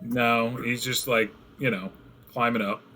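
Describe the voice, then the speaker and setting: A man's voice: mid-range voice, fairly even intonation, unhurried, sharp tone. A man running a tabletop game as game master, acting out the players' reactions with laughs.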